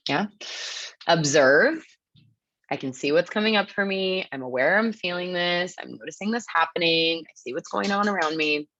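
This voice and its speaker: A low-pitched woman gives a relaxed, upbeat webinar talk, checking in with her listeners often and tossing in plenty of "like". Her voice is close and dry, carried over a dull, lo-fi video-call line. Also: moderate pace, no room sound. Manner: chatty, upbeat, peppered with "like" and "right?". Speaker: webinar presenter. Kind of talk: casual teaching talk.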